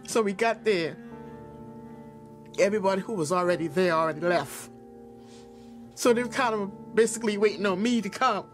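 A woman's voice: medium pitch, moderate pace, pauses often, faint music behind. A woman giving a personal testimony, retelling events with emotion and acting out the dialogue. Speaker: interviewee in a testimony video.

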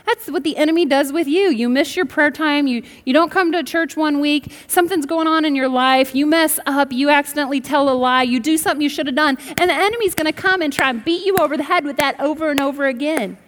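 A middle-aged woman preaches with emphatic, building delivery, her voice pitched high. She tells stories and calls on the congregation to answer back. The sound rings with the long reverb of a large church hall. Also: fast, few pauses, a bit bright. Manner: emphatic, rising to bursts, asks the congregation to respond. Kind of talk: sermon with storytelling.

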